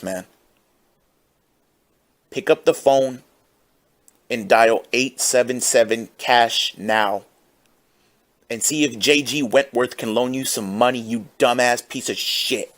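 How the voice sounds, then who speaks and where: A man giving sarcastic, insulting commentary, drawing out his words slowly for effect. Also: medium pitch. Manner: sarcastic, insulting, drawn-out delivery. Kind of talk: mocking reaction commentary.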